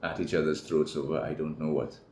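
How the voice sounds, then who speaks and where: Deep-voiced man telling a candid story. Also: flat delivery, fairly quick, a little mellow. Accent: Trinidadian. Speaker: guest. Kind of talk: personal story in an interview. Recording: echoey room with faint noise.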